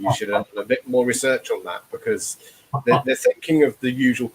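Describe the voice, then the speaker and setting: A man's voice: medium pitch, brisk, a little hiss or hum, poor audio. A man, an actor guest on a casual livestream, explaining things in a rambling way with frequent restarts.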